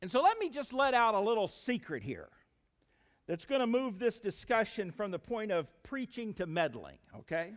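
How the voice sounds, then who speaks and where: A pastor preaching a sermon, speaking with emphatic rises and drops and addressing the congregation directly as friends. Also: male voice, high-pitched, very animated, normal speed.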